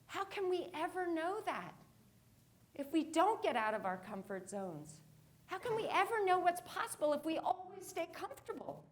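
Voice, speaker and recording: A woman's voice: extremely high pitch, sing-song, normal speed. A woman giving a motivational talk on stage, telling a story and acting out her own reactions. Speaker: keynote speaker. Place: conference stage.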